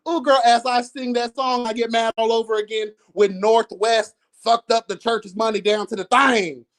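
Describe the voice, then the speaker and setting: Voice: mid-range voice, little pitch movement, moderate pace. A livestream host talking casually at home, sassy and chatty, calling listeners girl and honey. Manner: breaks into bits of song and laughs. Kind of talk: casual gossip commentary. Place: home, with cats.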